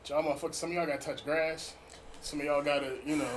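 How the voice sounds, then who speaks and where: A man's voice: fairly high pitch, fairly even intonation, fast talker, noisy background. A man co-hosting a casual podcast, giving blunt, profane relationship advice. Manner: blunt, profane, preachy advice with sudden loud laughs. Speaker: podcast co-host.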